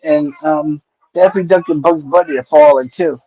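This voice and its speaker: A middle-aged man with a slightly raised voice tells stories at a loose, wandering pace, often tossing in "right?" to keep listeners along. His stream audio sounds dull and lo-fi, with the top end muffled. The delivery is a relaxed, nostalgic chat. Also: on the high side, moderate pace. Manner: rambling retelling, frequent "right?" and "you know" check-ins. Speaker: stream host. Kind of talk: casual nostalgic storytelling. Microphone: streaming mic.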